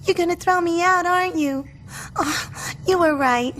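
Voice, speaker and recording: A woman voicing a gentle, polite, well-spoken young girl who ran away from uptown, in an animated sitcom. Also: extremely high pitch, moderate pace, a little hiss or hum. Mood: sweet.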